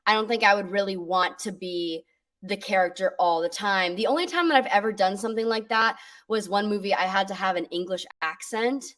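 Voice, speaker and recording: A young woman, an actress guest on an interview show, answering in a relaxed, casual way full of "like" and "you know.". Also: mid-range voice, fairly quick, distant mic.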